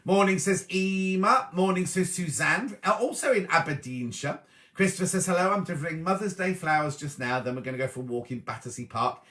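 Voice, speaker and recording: A middle-aged man with a bright, clear tone, talking a little higher than most men. He hosts a live sewing stream in a chatty, friendly way, reading viewer messages aloud and greeting each person by name. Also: a little fast. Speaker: host of a live sewing show.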